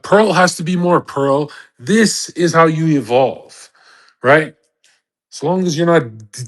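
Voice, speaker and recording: A man's voice: medium pitch, fairly bright tone. Profane, emphatic man ranting casually. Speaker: host of a live audio chat room.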